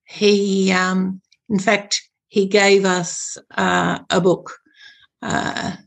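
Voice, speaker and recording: Lady guest talking slow, lots of uhs and pauses. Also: medium pitch, level tone, creaky. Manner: hesitant, searching for words. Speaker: podcast guest. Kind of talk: interview storytelling.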